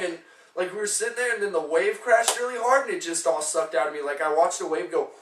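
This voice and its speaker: A young man with a bright, forceful voice, talking fast and swearing a lot as he tells a story and acts out each person in it. He sits well back from the mic in an echoey room with a faint hiss underneath. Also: high voice, far from the mic. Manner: profane, animated storyteller acting out quotes. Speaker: podcast co-host. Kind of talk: casual chat, storytelling. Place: room shared on a couch.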